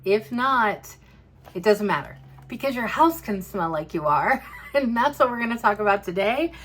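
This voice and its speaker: A woman's voice: mid-range voice, lively intonation, normal speed, fairly bright tone. Bubbly woman chatting with viewers. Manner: bubbly, playful, talks to viewers directly with fillers and asides. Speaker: vlogger reviewing home fragrance. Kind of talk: casual chatty product review.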